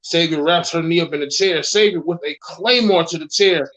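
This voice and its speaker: A man's voice: on the high side, moderate pace, a bit bright, low-quality recording. A man co-hosting an online show, reading a scripted wrestling storyline aloud, sometimes tripping over words and adding his own reactions. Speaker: co-host.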